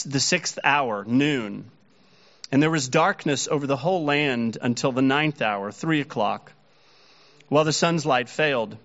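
A man's voice: medium pitch, fairly bright tone, dull audio. A man preaching a sermon earnestly, his voice rising when he quotes the mockers. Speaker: pastor.

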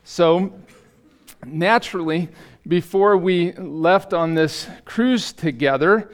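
A middle-aged man preaching as a pastor in a church, halting and self-deprecating, with many fillers and restarts. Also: sits high. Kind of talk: sermon. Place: church sanctuary.

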